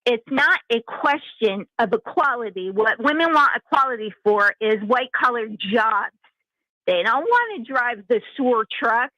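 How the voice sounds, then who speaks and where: Forceful woman caller. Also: a little high, expressive, normal speed, no echo, rough recording. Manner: forceful, emphatic. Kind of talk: call-in commentary.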